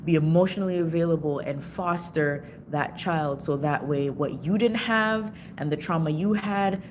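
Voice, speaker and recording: A woman's voice: low-pitched, normal speed, background noise. A woman in her thirties from Toronto, with a Canadian accent and a Caribbean background, talking candidly in a casual vlog with frequent laughs and slangy asides. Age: 30s. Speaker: vlogger.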